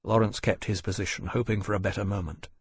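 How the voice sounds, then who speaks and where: A man narrating an audiobook in a measured, dramatic way. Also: on the low side, fairly even intonation, husky. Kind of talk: scripted narration.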